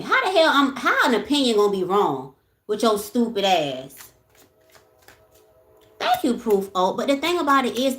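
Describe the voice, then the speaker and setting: A woman's voice: high-pitched, fairly bright tone, reverberant. A woman hosting a casual livestream, talking bluntly with lots of swearing, moving between ranting and soothing her viewers. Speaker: livestream host.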